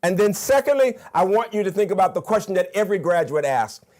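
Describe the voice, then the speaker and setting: An older Southern man delivers a commencement address with eager emphasis. His voice sits a little high for a man, and he ticks off his points one by one. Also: sing-song, quick pace, darkish tone. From Birmingham, Alabama. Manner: emphatic, enthusiastic, counts off points. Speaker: commencement speaker, university president.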